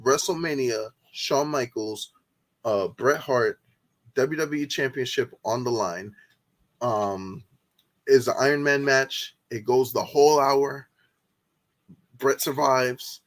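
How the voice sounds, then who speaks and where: A man co-hosting a casual wrestling podcast, excitable, swearing freely and stumbling over repeated words when worked up. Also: medium pitch, slow pace, long pauses. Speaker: podcast co-host.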